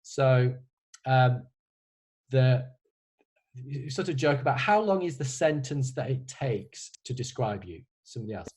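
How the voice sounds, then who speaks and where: The composer's voice is mid-range, expressive, and unhurried, with a darkish, slightly rough tone, and the recording itself is rough. Taking student questions in a casual online Q&A, he answers hesitantly and wryly, often restarting his sentences.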